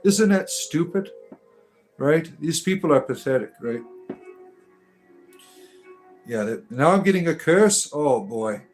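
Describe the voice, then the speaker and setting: A man's voice: on the high side, animated, takes it slowly, long pauses, faint music behind. A man hosting a satirical livestream, reading comments aloud and answering them with sarcastic taunts and mock-grandiose proclamations. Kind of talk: mocking comedic livestream commentary.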